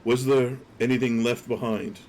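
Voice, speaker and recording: A man playing a courteous soft-spoken priest. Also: mid-range voice, level tone, moderate pace, slight background noise, lightly acted. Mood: polite. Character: calm, courteous male priest.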